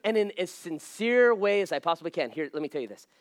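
A man in his thirties, a pastor, telling a humorous story from the pulpit, self-mocking and animated. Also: high-pitched, quick pace, no room sound.

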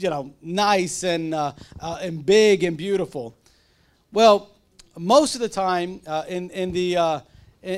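A man, a pastor teaching a church class in a casual, conversational way, often interrupting himself and asking the room questions. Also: high-pitched.

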